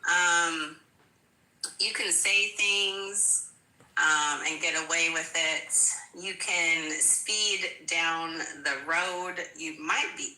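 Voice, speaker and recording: A woman's voice: deep voice, sharp tone, roomy sound, rough recording. A woman guest in a casual political chat, talking emphatically with laughs and repeated "listen"s. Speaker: guest commentator.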